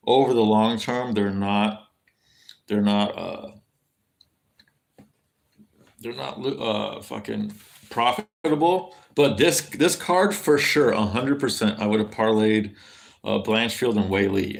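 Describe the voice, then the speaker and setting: A man's voice: lowish voice, gravelly. A man chatting casually on a livestream, rambling and swearing freely, with many fillers and restarts as he answers viewers. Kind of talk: casual stream chat.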